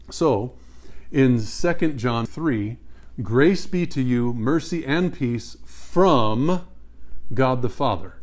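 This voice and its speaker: A man's voice: medium pitch, darkish tone. Man teaching a Bible study. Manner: emphatic, asks the audience questions and repeats answers.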